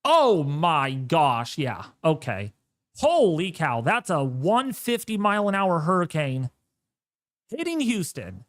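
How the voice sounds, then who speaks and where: A man hosts a live weather stream, talking at an unhurried pace. His commentary is animated and jokey, full of exclamations. The sound is dry, with no room around it. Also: fairly high pitch, dry recording.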